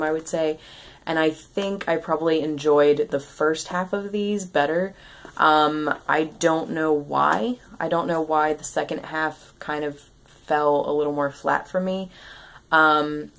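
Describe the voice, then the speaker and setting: A woman giving a casual, rambling book wrap-up, full of ums and restarts. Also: deep voice. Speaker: book vlogger.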